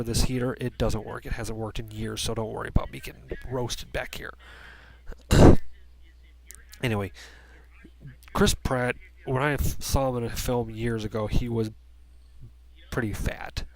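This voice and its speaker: A man giving a casual spoken movie review from a room at home, rambling with many restarts and fillers. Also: medium pitch.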